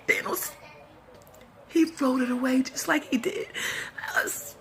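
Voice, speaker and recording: A woman vlogging a casual, emotional film review, tearful and rambling excitedly as a fan while crying. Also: sits high, normal speed, slight background noise. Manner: tearful, talks through sobs and laughs.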